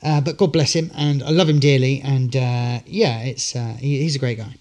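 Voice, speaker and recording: A man's voice: mid-range voice, steady tone, moderate pace, darkish tone. Rambling man telling stage stories. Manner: good-humoured, rambling storyteller. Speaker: actor, podcast guest. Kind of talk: casual interview anecdotes.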